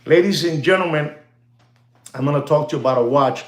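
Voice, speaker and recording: Guy rambling about watches n gold, slightly high voice, lots of "you know", echoey room. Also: a little fast. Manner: chatty, repeats phrases, many "you know"s, slips into Spanish slang; hypes and jokes with the audience, calls them "ladies and gentlemen". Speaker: watch dealer and market commentator. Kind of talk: casual rambling market talk to camera. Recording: roomy echo.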